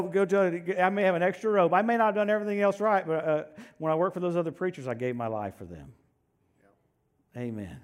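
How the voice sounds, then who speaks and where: Animated joking preacher, high-ish male voice. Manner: animated, jokey, shifts from shouting to hushed. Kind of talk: sermon.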